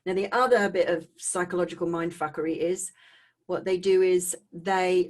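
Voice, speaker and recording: A woman giving an emotional personal testimony over a video call, halting and earnest, often repeating and restarting her words. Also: fairly low pitch. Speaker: speaker sharing her personal story.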